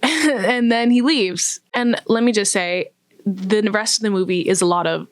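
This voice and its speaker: A woman vlogger offers casual, chatty film commentary in an unhurried, mid-range voice with no room sound. She laughs often, uses lots of fillers and acts out quotes.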